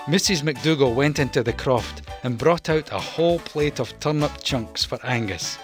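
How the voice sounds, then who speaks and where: A storyteller reading a children's storybook aloud in a slow, expressive way. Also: medium pitch, music in the background.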